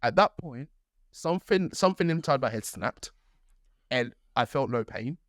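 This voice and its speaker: A podcast co-host tells a story in casual chat, animated and acting out quotes in a mid-range voice at normal speed. The recording is studio quality with no room sound.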